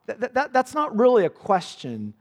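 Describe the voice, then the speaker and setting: A man's voice: sits high, wildly swooping pitch, moderate pace, a little mellow. A man preaching a sermon, earnest and intense, repeating words as he builds each point. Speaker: pastor. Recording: long hall reverb.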